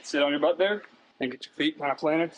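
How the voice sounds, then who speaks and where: Male detention officer, quick firm commands, slightly high voice, light background noise. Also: rough recording. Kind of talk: giving commands.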